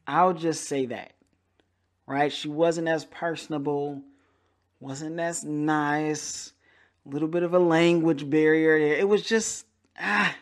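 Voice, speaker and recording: A young adult man hosting a podcast, telling a casual story in an animated way and acting out the people he quotes. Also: a little high. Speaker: podcast host.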